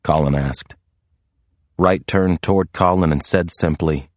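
Deep-voiced man narrating an audiobook. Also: a little slow, a little mellow, no echo. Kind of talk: scripted narration.

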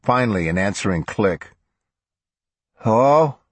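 A male narrator reads a crime audiobook in a steady, measured voice. His voice sits very low and husky, and the recording is dry and close with no room sound. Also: dry recording. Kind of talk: scripted narration.

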